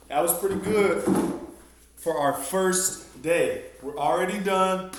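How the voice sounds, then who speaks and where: Breathless PE teacher counting down in echo. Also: male voice, fairly high pitch, measured pace, very noisy. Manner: encouraging, counts down intervals. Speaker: elementary PE teacher. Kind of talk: coaching a home workout video class. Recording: echoey room, mic at a distance.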